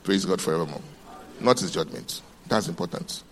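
A male preacher giving a sermon. He quizzes the congregation with questions, swings between loud emphasis and hushed tones, and reads scripture aloud in old-fashioned wording. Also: low-pitched, normal speed, slight background noise.

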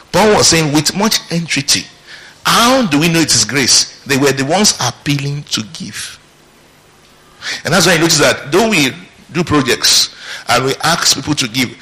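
A man's voice: mid-range voice, pushed and bright, rough recording. A male pastor preaching a sermon, reading scripture aloud and asking his congregation questions as he teaches.

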